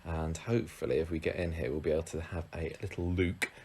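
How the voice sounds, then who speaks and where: A man's voice: a bass voice, little pitch movement, fast, darkish tone, a little hiss or hum. A man co-hosting a casual chat, enthusiastic and self-mocking as he clicks through old fan websites. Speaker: co-host.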